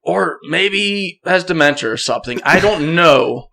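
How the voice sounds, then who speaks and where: A young man, a podcast guest, telling a hunting story in a casual, animated way, often laughing and clearing his throat. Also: on the high side, moderate pace.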